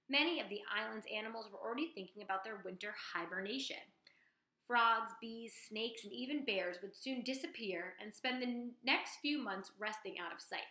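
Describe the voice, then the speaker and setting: A woman teacher reading a chapter book aloud to her class, with lively storytelling and questions to her listeners. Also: fairly high pitch, moderate pace, reverberant, rough recording. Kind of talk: read-aloud lesson.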